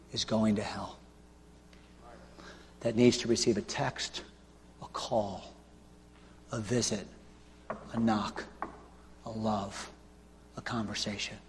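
A male pastor preaching a revival sermon with an altar call, swinging from loud shouting to hushed pleading. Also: lowish voice, slight background noise. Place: large church auditorium. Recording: long hall reverb.

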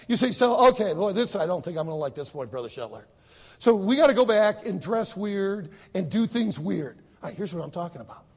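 Husky, animated male preacher. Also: in a large hall. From United States. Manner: animated storytelling, swoops into high acted voices. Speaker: Baptist preacher. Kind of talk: sermon to high school students.

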